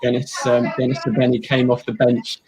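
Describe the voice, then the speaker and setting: A man's voice: mid-range voice, completely flat delivery, normal speed, a crowd in the background, poor audio. A young man in casual chat about football stats, rambling a little and laughing at himself. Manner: rambling, self-deprecating, frequent restarts. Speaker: guest, runs a football stats account.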